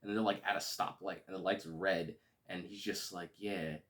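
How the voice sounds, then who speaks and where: A man casually reviewing a movie, relaxed and rambling with lots of fillers. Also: low-pitched, normal speed, slight background noise.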